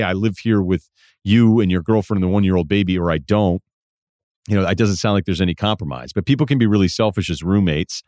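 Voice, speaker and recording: A man's voice: lowish voice, a little mellow, dry recording, clean studio sound. A middle-aged man hosting a podcast, telling a story in a casual, wry, self-deprecating way. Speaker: podcast host. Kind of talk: casual advice monologue.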